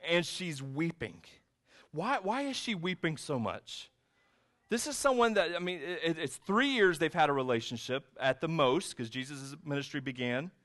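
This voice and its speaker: High-voiced man preaching a conversational sermon. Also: lively intonation, moderate pace, a bit bright. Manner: conversational storytelling, retelling scenes in his own words. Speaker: pastor. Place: church sanctuary with a screen.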